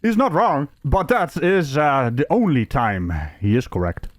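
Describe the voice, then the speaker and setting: A man's voice: a little high, very animated, unhurried, no echo. A man giving mocking reaction commentary in a sarcastic tone.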